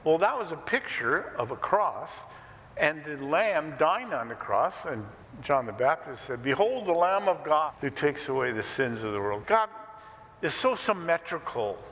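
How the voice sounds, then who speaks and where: A pastor preaching a sermon in an animated, conversational way with joking asides. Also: male voice, fairly high pitch, big-room sound. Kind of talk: expressive sermon teaching.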